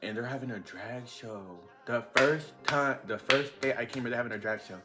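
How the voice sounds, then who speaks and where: A young man telling a casual storytime vlog, chatty and animated with lots of fillers. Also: medium pitch, normal speed, over loud music. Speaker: vlogger.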